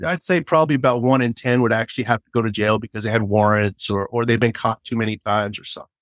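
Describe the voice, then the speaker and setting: A middle-aged man, a former border agent, telling stories in a relaxed way with many fillers and laughs. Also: mid-range voice, fast talker, no echo. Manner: laid-back, laughs often, many fillers. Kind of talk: casual storytelling.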